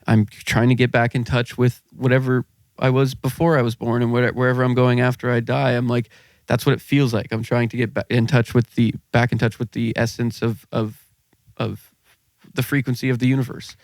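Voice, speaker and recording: A man's voice: medium pitch, little pitch movement, fairly quick, dry recording. Male podcast co-host, rambling casual talker, dry close mic. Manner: rambling, searching for words. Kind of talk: casual chat.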